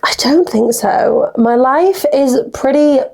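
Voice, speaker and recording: A young woman chats away as a podcast host, spilling one story into the next. Her voice sits a little high yet sounds mellow and dark, with a lot of gravelly vocal fry at the ends of phrases. She acts out every conversation she recounts. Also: slow. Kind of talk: casual solo podcast chat.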